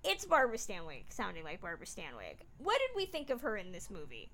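A woman co-hosting a podcast, chatting casually about an old film, animated and emphatic, sometimes laughing as she talks. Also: medium pitch, fast, a little hiss or hum. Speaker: podcast co-host.

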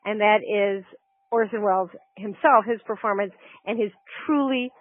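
A woman with a mid-range voice gives calm, dryly critical takes on old movies in a casual podcast chat. Her voice sounds thin and phone-like. The sound is dry. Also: mid-range voice, normal speed, no echo. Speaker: film discussion co-host. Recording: tinny phone-like line, dry.

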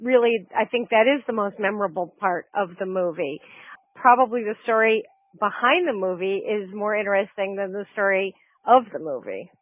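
A woman co-hosting a casual film podcast who speaks in a measured, dryly critical way. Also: mid-range voice, no echo. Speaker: film discussion co-host. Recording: tinny phone-like line, dry.

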